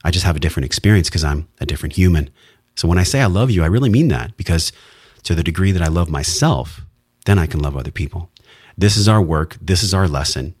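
A man with a very low voice speaks straight to the listener in an earnest, emphatic monologue. The sound is dry and close, with no room around it. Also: lively intonation, fast, darkish tone, slightly rough, dry recording. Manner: earnest, heartfelt, emphatic with occasional swearing. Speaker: podcast host. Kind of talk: solo wellness podcast monologue.

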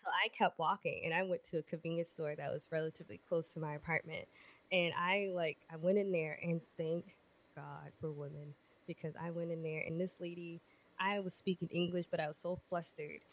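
Animated storytelling woman, lowish voice. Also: a little fast. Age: 20s. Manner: animated, profane, acts out voices in her stories. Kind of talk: casual storytelling chat.

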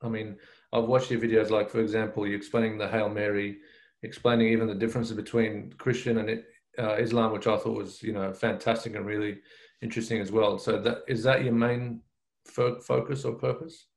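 A man's voice: fairly low pitch, flat delivery, brisk, vocal fry, poor audio. A man hosting an interview, asking long, rambling questions with restarts. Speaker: podcast host.

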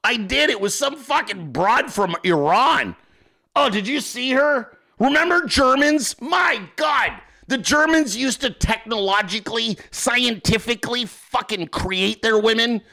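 High, animated man ranting crudely. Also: a little slow, vocal fry. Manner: crude, sarcastic, heavy swearing; rhetorical asides to listeners. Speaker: political commentary host. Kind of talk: profane unscripted rant.

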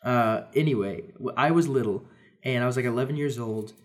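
A man's voice: mid-range voice, a little fast. A young man casually telling a funny story on a podcast, laughing often and acting out voices. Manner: laughs often, acts out voices in his stories. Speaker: podcast co-host.

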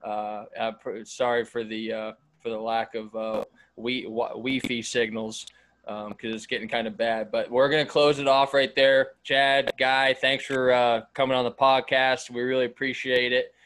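A man hosting a podcast, relaxed and easygoing as he wraps up and thanks his guests. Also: medium pitch, moderate pace. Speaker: podcast host. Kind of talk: casual podcast chat.

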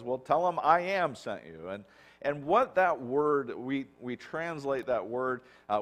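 Casual-talking male pastor preaching. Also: mid-range voice. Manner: casual, acts out biblical dialogue with lots of "like". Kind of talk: conversational sermon.

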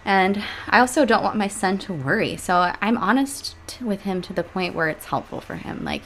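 A woman in her thirties hosting a personal podcast, talking candidly and emotionally with sighs and soft laughs. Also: mid-range voice, animated, normal speed, few pauses, a little hiss or hum. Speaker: podcast host. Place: home room with leaf blower outside.

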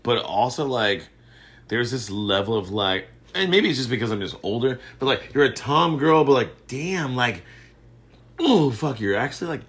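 A man talks in casual chat, with a lively, swooping pitch. He is emphatic and full of fillers as he makes his point. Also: moderate pace. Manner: emphatic, filler-heavy, conversational.

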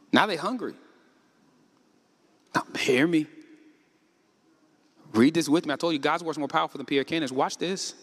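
A man preaching a sermon, asking the congregation questions and rising to shouts. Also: a little high, moderate pace, pauses often. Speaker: pastor. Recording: echoey hall with long reverb.

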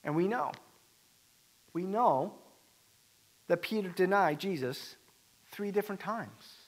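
High-voiced man preaching a sermon. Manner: animated, acts out quoted voices with rising emphasis. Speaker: pastor.

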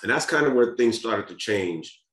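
A man's voice: lowish voice, animated, moderate pace, a bit bright. A man speaking as a podcast guest, telling a candid personal family story in an earnest, casual way, often restarting and repeating words. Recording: roomy echo.

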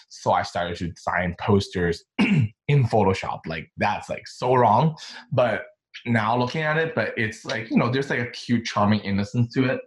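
A man in his thirties from China, telling his life story in a casual interview, talking in an animated, chatty way with lots of fillers. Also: lowish voice, low-quality recording. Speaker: interview guest, designer.

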